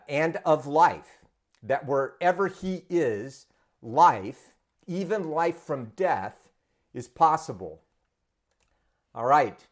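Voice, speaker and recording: A man preaching a sermon run as a quiz game for an online congregation, conversational with frequent fillers and restarts. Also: on the high side. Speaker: pastor. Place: church congregation in Vancouver.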